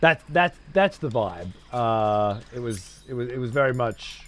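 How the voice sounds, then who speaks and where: A man's voice: mid-range voice, animated, a little slow, a bit bright. Chatty, foul-mouthed man playing a game. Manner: chatty and profane, thanking viewers. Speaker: let's play streamer. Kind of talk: casual gameplay commentary.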